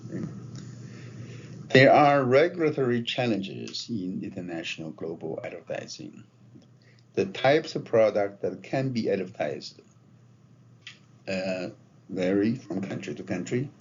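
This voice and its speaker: Speaking a little slowly with long pauses, a man with an expressive, lower voice gives a marketing lecture to a class. As a professor, he keeps it conversational, often adding "right?" or "okay?" to check in, and the lecture recording is dull, lo-fi and faintly noisy.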